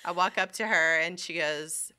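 A young woman chatting casually as a podcast co-host, telling a story in an animated way, swearing freely and acting out what people said. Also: lowish voice, normal speed, clean tone. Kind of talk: casual chat.

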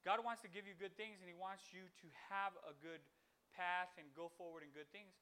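A man gives an informal devotional talk for his podcast, his voice sitting high and sounding bright and forceful. He rambles and restarts often, and he breaks into animated bits where he acts out what people say. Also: a little fast. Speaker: podcast host giving a devotional.

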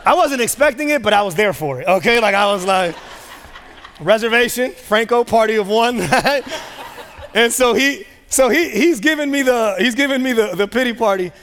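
A pastor delivers a sermon in a high voice, shifting into loose, chatty storytelling full of filler words. His voice rings out with long reverb through a large church auditorium. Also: lively intonation, a little fast, a bit bright. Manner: casual storytelling with many fillers.

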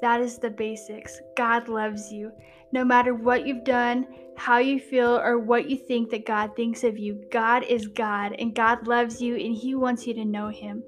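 A woman hosting a podcast, reading her own devotional in an earnest tone that drops to hushed emphasis. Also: fairly high pitch, little pitch movement, measured pace, faint music behind.

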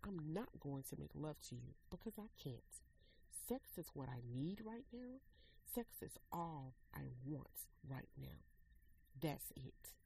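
Woman doing a blunt cold husband, low gravelly voice, slow and dark, storybook reading. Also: expressive, slight background noise, heavily acted, low-quality recording. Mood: cold, demanding. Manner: cold, demanding. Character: stern blunt husband, adult man.

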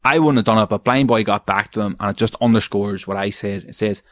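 A man hosting a podcast, sweary and exasperated, ranting and climbing into high shouts. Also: quick pace, no echo, clean studio sound. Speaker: podcast host. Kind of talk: ranting comedic podcast segment.

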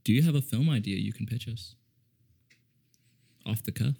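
A man's voice: mid-range voice, normal speed, vocal fry, mellow, breathy edge. A man hosting a comedy film podcast, casual banter with dry, teasing asides. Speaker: podcast host.

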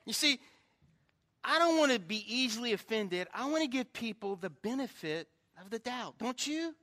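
Man, pastor, sermon, high voice, bright tone, chatty storytelling, self-mocking humor. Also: expressive, normal speed.

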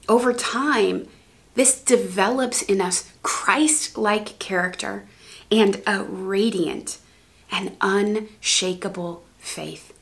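A woman giving a gentle devotional talk, then praying in a soft, hushed voice. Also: mid-range voice. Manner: gentle, unhurried, grows soft and hushed in prayer. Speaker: preacher.

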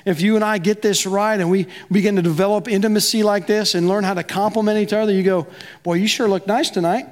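A man's voice: high voice, steady tone, quick pace. A man preaching a sermon as pastor, talking conversationally and acting out both sides of quoted dialogue.

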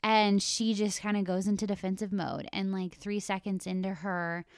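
A young woman co-hosting a podcast, retelling a reality show episode in casual, animated chat. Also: medium pitch, normal speed, clean tone, no echo, clean studio sound. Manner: animated storytelling, laughs often. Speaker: podcast co-host.

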